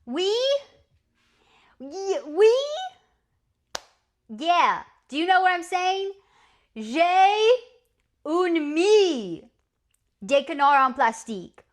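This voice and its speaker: A woman's voice: high-pitched, animated, slow, long pauses, faint music behind. An American woman streamer chatting casually with her viewers, playfully trying out clumsy French phrases. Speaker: livestreamer.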